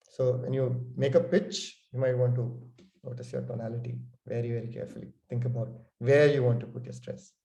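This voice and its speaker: A man's voice: medium pitch, flat delivery, a little fast, gravelly, dark tone. A man leading an online sales training workshop, talking conversationally over a video call. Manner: conversational, frequent "okay" and "you know". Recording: echoey room.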